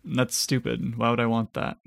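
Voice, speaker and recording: A man co-hosting a casual chat, joking and sarcastic with quick quips. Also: medium pitch, little pitch movement, gravelly, no room sound, clean studio sound. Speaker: podcast co-host.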